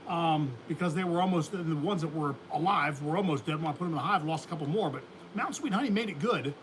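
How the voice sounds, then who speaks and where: Hosting a beekeeping livestream, a man chats in a folksy, rambling way and laughs a lot. He talks quickly in a higher-pitched voice, with slight background noise.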